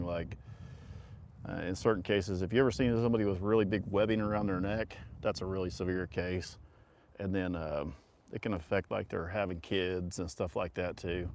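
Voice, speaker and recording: With frequent laughter and offhand cursing, this middle-aged livestream host wanders through a long, rambling story. His voice is low-pitched and darkish, and a little hiss or hum sits in the recording.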